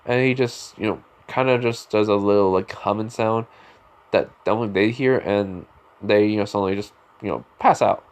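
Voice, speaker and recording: A man with a lowish voice at normal speed casually tells a spoken fan story. He rambles, leaning heavily on fillers like "you know" and "like."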